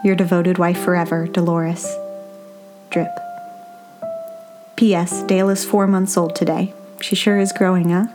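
A woman's voice: on the low side, flat delivery, moderate pace, few pauses. A woman reading old letters aloud in a tender, earnest way. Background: faint instrumental music.

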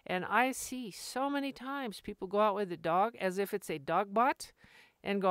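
Chatty middle-aged woman, smooth dry voice. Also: medium pitch, normal speed, dry recording. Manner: chatty, restarts sentences, laughs often. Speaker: dog trainer and podcast host. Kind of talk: casual podcast monologue.

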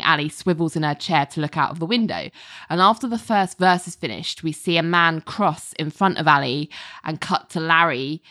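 A woman's voice: deep voice, bright, forceful tone, dry recording, studio quality. A woman recapping a TV episode for a podcast in casual chat, recounting scenes in detail and acting out the lines. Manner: recounts scenes in detail, acts out quotes, laughs often.

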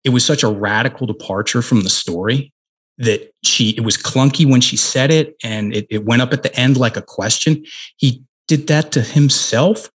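A man's voice: mid-range voice, normal speed, breathy edge. A middle-aged man, a guest in an interview, telling a personal story earnestly with frequent restarts.

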